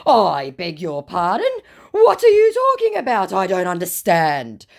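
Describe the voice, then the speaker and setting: A woman with an Australian accent reading out a bumbling male online scammer's messages in a slow, exaggerated, mocking voice. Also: fairly low pitch, wildly swooping pitch, gravelly, pitched above the performer's own voice, exaggerated voice. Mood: feigned confusion.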